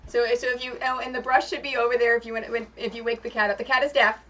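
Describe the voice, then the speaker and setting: Chatty woman streamer, slightly high voice. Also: fast. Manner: chatty and rambling, breaks off to hush her pets. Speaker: streamer host. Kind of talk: casual livestream chat. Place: home craft room. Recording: distant mic with steady background noise.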